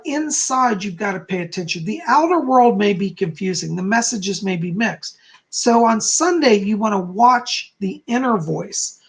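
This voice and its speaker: A man's voice: sits high, gravelly, a bit bright. A man hosting a live astrology stream, reading out viewer comments in a chatty, encouraging way. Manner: chatty and encouraging, speeds up and slows down; laughs at himself, easily sidetracked.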